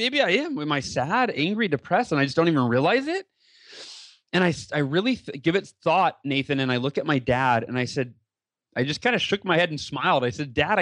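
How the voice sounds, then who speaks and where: A man's voice: on the high side, fairly bright tone, no room sound. A man in his thirties, a podcast guest, telling a personal story animatedly, acting out dialogue with many fillers and restarts.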